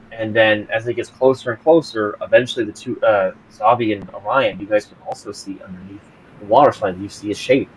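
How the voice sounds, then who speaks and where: A man narrating as game master of a tabletop game, halting with many fillers and restarts. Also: on the low side, a little hiss or hum, low-quality recording.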